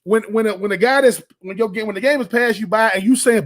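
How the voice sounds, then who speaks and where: A man with a strikingly high voice talks sports on the radio. He is emphatic and folksy, hammering points home with repeated phrases and quick restarts, like a former player holding court. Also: animated, fairly bright tone.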